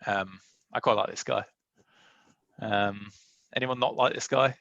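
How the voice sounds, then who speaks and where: A low, gravelly man hosts a relaxed draft chat, thinking aloud and restarting his sentences. The sound is close and dry, with no room around it. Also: a little slow, dry recording, highs cut off. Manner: musing, hesitant, with many restarts and fillers. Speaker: league host leading a draft recap. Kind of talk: casual chat.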